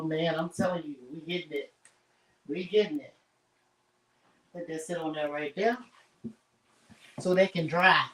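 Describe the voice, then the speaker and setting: A woman's voice: deep voice, far from the mic, rough recording. A middle-aged woman hosting a casual cooking livestream from her home kitchen, chatting straight to her viewers with lots of asides. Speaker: home cook livestream host.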